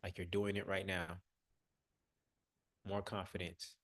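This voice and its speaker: A man's voice: low voice, flat delivery, slow, a bit bright, no room sound, clean studio sound. A man hosting a live online coaching session, giving direct, coaxing instructions with casual slang. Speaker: workshop host.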